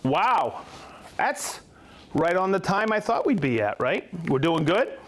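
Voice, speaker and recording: Upbeat, lively-voiced man hosting a live stream. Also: high-pitched, slow, a little hiss or hum. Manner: upbeat and chatty, rattling off viewer locations. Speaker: host of a company livestream. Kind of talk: live product demo and viewer shout-outs.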